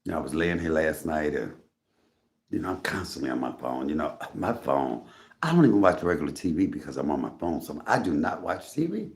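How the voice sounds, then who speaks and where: A man's voice: a bass voice, sing-song, a little fast, vocal fry. A middle-aged man hosting a casual livestream from his home, chatty and greeting viewers by name, coughing often. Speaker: livestream host. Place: home room. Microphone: phone on a tripod.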